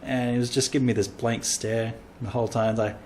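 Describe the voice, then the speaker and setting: A man's voice: medium pitch, flat delivery, brisk, darkish tone, a little hiss or hum. An Australian man, a comedian hosting a casual podcast, rambling through travel stories and acting out quoted lines.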